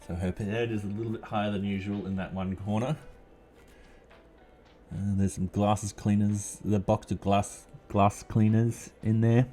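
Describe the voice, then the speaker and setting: A man's voice: on the low side, flat delivery, measured pace, dark tone. A man live-streaming his coding, chatting casually and thinking aloud with lots of fillers. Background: faint music and keyboard typing.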